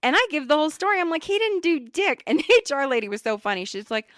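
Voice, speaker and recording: Woman podcaster swearing thru a work story, voice bounces all over, kinda high, dry close mic. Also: racing, no room sound. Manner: animated, blunt and profane. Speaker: podcast co-host. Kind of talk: casual storytelling chat.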